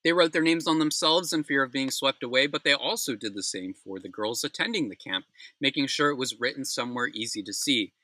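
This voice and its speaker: A man's voice: medium pitch, a little fast, bright, forceful tone, no echo. A young man hosting a news recap, reading stories and breaking into angry, profane rants, then apologizing for swearing. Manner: angry, ranting with heavy swearing; apologetic asides between rants. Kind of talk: opinionated news commentary.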